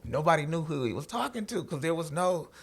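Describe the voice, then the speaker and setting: A man appearing as a comedian guest tells a story in loose, slangy talk, swearing and laughing along the way while acting out quoted voices. His voice is on the high side and slightly rough, and he speaks fast and very animatedly.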